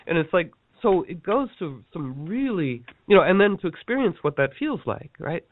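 Playful animated man on a tinny line. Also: high-pitched, normal speed, hardly any pauses, no room sound. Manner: animated, acts out quoted people with playful voices. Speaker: workshop teacher. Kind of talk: casual storytelling talk. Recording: dry tinny phone-like line.

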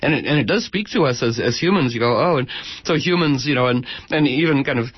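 A man hosting a casual chat who tells stories in a rambling, animated way. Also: medium pitch, fast talker, breathy edge, no room sound, lo-fi sound.

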